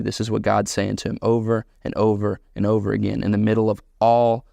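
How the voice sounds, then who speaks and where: Animated preaching pastor, dry sound. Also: male voice, on the low side, brisk, vocal fry, dry recording. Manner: animated preaching, acting out quoted dialogue in emphatic bursts. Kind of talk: sermon.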